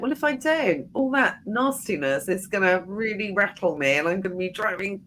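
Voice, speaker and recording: A woman hosts a conversational interview, her pitch jumping about lively as she acts out little stories. She talks chatty and warm-hearted, and a faint hiss of noise sits under the recording. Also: moderate pace, few pauses. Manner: chatty, animated storyteller. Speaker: podcast host.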